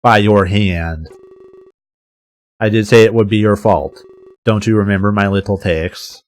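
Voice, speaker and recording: A man voicing a cold, mocking villain who speaks over a loudspeaker, with slow deliberate phrasing. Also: on the low side, lightly acted. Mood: taunting.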